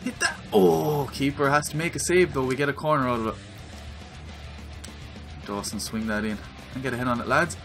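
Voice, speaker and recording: An Irish man giving his own excitable commentary while playing a football video game, yelling at the screen during big moments. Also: mid-range voice, normal speed, gravelly, pauses often, soft background music. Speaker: gaming video creator.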